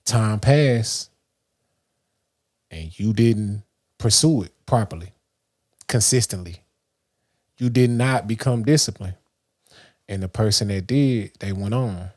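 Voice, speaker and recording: A man's voice: on the low side, slow pace, pauses often, a little mellow. A man from Dallas, hosting a livestream and talking through a loose, rambling motivational monologue. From Dallas, Texas. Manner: loose and rambling, many restarts and fillers. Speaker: livestream host.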